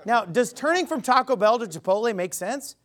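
A man's voice: very high voice, lively intonation, brisk, a bit bright. A man preaching a sermon, emphatic, quizzing the crowd with rhetorical questions.

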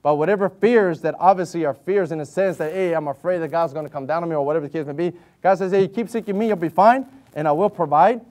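A man with a noticeably high-pitched voice delivers a sermon, talking to his listeners like friends but leaning hard on the words that matter. When he reads from the Bible he slows into a steady, measured cadence. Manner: earnest and conversational, rising to emphatic stresses; reads scripture in slow, measured King James cadence. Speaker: lay preacher.

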